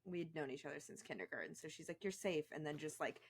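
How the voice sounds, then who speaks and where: A woman's voice: sits low, lively intonation, fast talker, husky. A woman guest on a podcast, speaking in a candid, reflective, chatty way. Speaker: podcast guest, co-host of another show. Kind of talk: podcast conversation.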